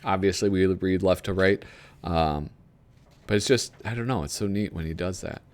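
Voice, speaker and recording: Low-pitched and at a moderate pace, a man hosting a casual video reads out bits of a magazine as he flips through it. He rambles about the pages in casual commentary, chuckling frequently.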